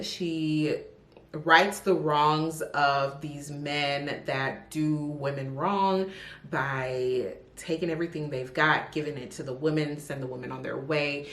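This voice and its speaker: A woman from Jamaica with a Jamaican accent, reviewing books in a chatty, emphatic way. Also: low voice. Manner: chatty and emphatic, with drawn-out stresses. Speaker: book vlogger. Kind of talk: casual book review. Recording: echoey room.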